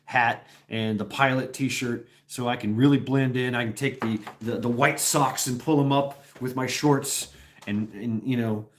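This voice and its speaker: A man's voice: mid-range voice, steady tone, measured pace, slight background noise. A man talking in a casual, rambling livestream chat, restarting sentences often and chuckling as he goes. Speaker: host.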